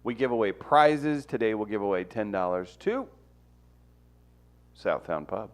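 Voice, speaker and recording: A man hosting a casual podcast, teasing his co-hosts with quick, animated asides. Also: lowish voice. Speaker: podcast host.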